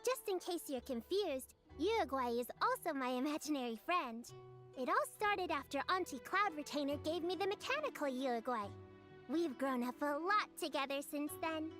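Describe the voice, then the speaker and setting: A woman voicing a cheerful, polite little girl in a video game, speaking in a bright, sing-song way. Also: high voice, lively intonation, normal speed, faint music behind.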